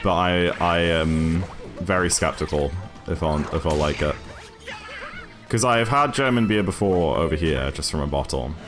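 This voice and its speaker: This Newcastle man, whose accent mixes northern and southern English, is chatting casually while gaming on a stream. He rambles, restarting often and using many fillers, in a low-pitched voice at normal speed, with music in the background.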